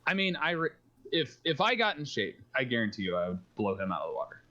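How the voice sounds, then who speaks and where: Male streamer, casual rambling storyteller, laughs a lot, mid pitch, dull stream audio. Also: sing-song, fast, bright, forceful tone. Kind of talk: casual chat on a sleepy stream.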